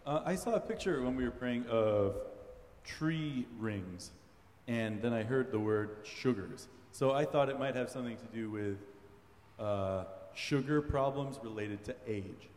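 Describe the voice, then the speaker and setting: A man's voice: mid-range voice, a little slow, darkish tone. Hesitant man in an echoey hall. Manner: tentative, hesitant. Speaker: church member sharing a prophetic word. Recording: roomy, long hall reverb.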